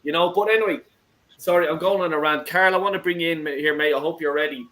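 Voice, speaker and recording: A man's voice: on the high side, fast, fairly bright tone, low-quality recording. A man hosting a football fan call-in show, ranting heatedly with constant swearing.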